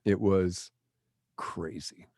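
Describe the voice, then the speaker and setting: An older man, a veteran broadcaster, telling lively stories in an interview and acting out the quotes. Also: low voice, very slow, husky, no echo, clean studio sound. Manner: animated storyteller acting out quotes. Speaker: guest, broadcaster. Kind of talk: storytelling interview.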